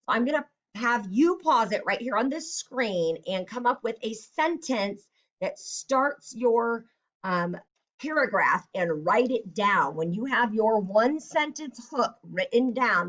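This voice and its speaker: A woman's voice: medium pitch, animated, measured pace, a bit bright, lo-fi sound. A woman teacher giving a recorded writing lesson to children, guiding them step by step and acting out example sentences. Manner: step-by-step, encouraging, acts out example lines.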